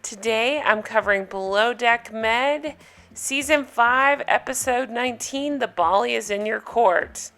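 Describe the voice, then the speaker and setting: A woman hosting her own recap show, talking casually through the episode in a sarcastic, gossipy, animated way. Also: on the high side, a little slow, faint music behind. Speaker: podcast host recapping reality TV.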